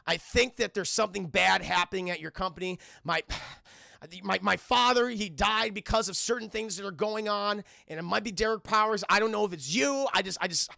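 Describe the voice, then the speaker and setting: A man's voice: on the high side, fairly even intonation, normal speed, vocal fry, sharp tone, no room sound, clean studio sound, heavily acted. A man voicing a grieving teenage boy who stammers and pleads, his voice rising into anger. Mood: pleading. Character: grieving teen boy, pleading then bitter.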